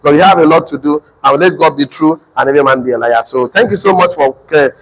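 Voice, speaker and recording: A man's voice: a little high, quick pace, fairly bright tone, a little hiss or hum, rough recording. A man teaching a live motivational class, repeating phrases with an emphatic preaching cadence.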